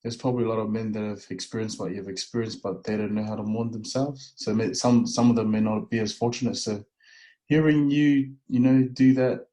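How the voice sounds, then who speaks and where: A man's voice: on the low side, steady tone, brisk, warm tone, low-quality recording. A man hosting a casual chat, encouraging his guest and laughing easily. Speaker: host.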